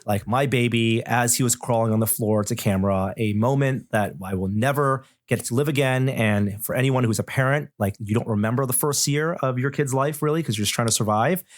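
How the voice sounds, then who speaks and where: A man's voice: mid-range voice, brisk, few pauses, no echo, studio quality. A middle-aged man, a tech journalist guesting on a podcast, talking thoughtfully and rambling with many restarts. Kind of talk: casual podcast chat.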